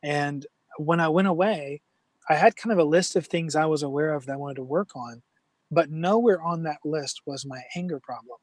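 A middle-aged man telling a personal story as a guest in an interview, earnest and halting, with many restarts. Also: fairly high pitch, no echo.

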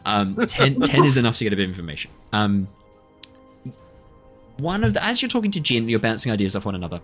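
Animated man running a tabletop game. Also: fairly low pitch, fast, faint music behind. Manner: animated, laughing often, self-correcting. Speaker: game master.

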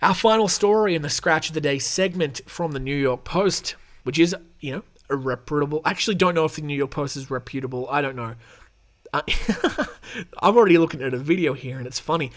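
Sarcastic Australian man, fairly high voice. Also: a little fast, a bit bright. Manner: sarcastic, rambling, swears freely. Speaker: podcast host. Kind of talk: casual podcast chat and news reading.

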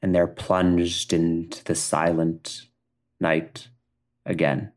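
A man co-narrating an improvised story in a measured, deliberate way. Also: low voice, level tone.

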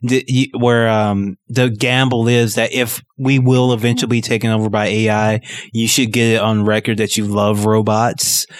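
A man's voice: fairly low pitch, flat delivery, moderate pace, no echo. A man co-hosting a podcast, wry and hunting for words with many fillers. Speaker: podcast co-host. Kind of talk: casual podcast chat.

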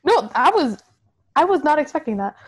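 A woman's voice: sits high, sing-song, normal speed. A woman interviewing a guest in casual chat, asking curious follow-up questions.

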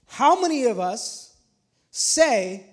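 A man's voice: very high-pitched, big pitch swings, takes it slowly. A man in his thirties, a pastor preaching a casual, conversational sermon in a small church, repeating phrases as he builds to emphatic points. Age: 30s.

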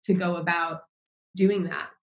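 A woman's voice: fairly low pitch, level tone, measured pace, vocal fry, highs cut off. An American woman chatting casually as a podcast co-host, rambling with lots of "like" fillers. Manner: rambling, heavy use of "like" fillers. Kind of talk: casual chat.

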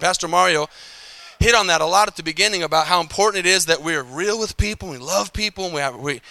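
Pastor storyteller, male, bright crisp voice, conversational sermon style. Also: high voice, no room sound. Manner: conversational storytelling preacher, playful asides. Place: church sanctuary.

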